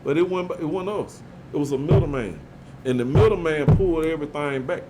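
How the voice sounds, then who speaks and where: As a podcast guest, this Birmingham, Alabama man tells a casual, profane, animated story, frequently performing other people's quotes. He speaks briskly at a fairly high pitch, with background noise present.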